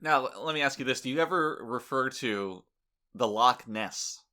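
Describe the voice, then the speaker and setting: A man's voice: mid-range voice, fairly quick. A man co-hosting a podcast, chatting casually with dry, joking delivery. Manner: deadpan joking, playful bits. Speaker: podcast co-host. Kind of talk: casual comedic chat.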